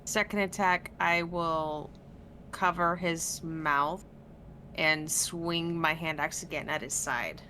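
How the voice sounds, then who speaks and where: A woman's voice: low voice, fairly even intonation, slow, bright, forceful tone, a little hiss or hum. A woman casually playing a tabletop game, eager and upbeat. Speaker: player.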